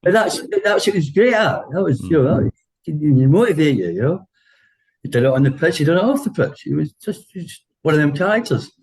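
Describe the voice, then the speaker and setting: A man's voice: fairly high pitch, expressive, fairly quick, a little mellow, rough recording. A man in his sixties with an English accent, a former footballer telling dressing-room stories in a casual interview, full of laughs and quoted voices.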